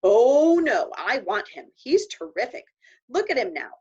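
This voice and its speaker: A woman reading aloud voices a stubborn young boy who yelps and wails in a high, shrill voice. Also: very animated, measured pace, dark tone, husky, full character voice. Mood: possessive. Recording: dull lo-fi recording.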